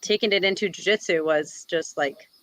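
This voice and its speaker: A woman's voice: on the low side, normal speed, fairly bright tone, no room sound, low-quality recording. A woman from Wisconsin, a jiu-jitsu instructor, talking casually in an interview and filling her sentences with "like" and "you know.". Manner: chatty, many "like" and "you know" fillers. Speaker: guest, jiu-jitsu black belt and instructor.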